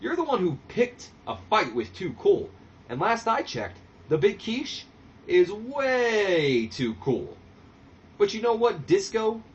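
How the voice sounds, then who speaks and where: A man's voice: sits high, wildly swooping pitch, slow pace, muffled recording, pitched above the performer's own voice, exaggerated voice. A man voicing a brash young male wrestler who challenges his rivals, speaking in a cocky, showy way. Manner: cocky and showy, talking trash.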